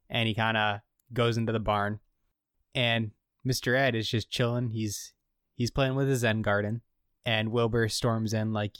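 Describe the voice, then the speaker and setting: A man co-hosting a casual podcast, recapping a show and acting out the characters' lines in an animated way. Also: mid-range voice, measured pace, smooth, no echo, studio quality. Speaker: podcast co-host recapping an episode. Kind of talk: casual chat.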